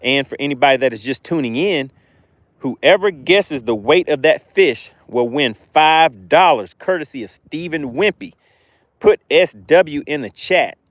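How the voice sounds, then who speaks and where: A man's voice: a little high, lively intonation, unhurried, no echo. A man with a Southern accent hosting a fishing livestream, chatting upbeat with viewers and reading out their comments. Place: outdoors fishing.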